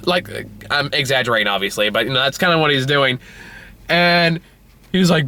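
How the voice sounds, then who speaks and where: A man ranting through a casual movie review, exasperated and profane, often jumping into high, incredulous outbursts. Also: very animated, measured pace, sharp tone.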